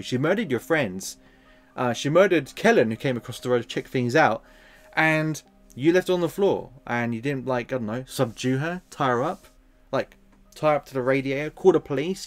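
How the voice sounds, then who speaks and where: Sarcastic, ranting male film reviewer. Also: mid-range voice. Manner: animated, sarcastic, exasperated.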